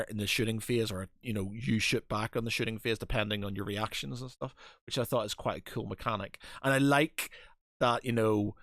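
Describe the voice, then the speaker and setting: A man's voice: on the low side, a bit bright, no echo, clean studio sound. A man co-hosting a podcast in casual chat, rambling with many fillers and restarts. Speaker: podcast co-host.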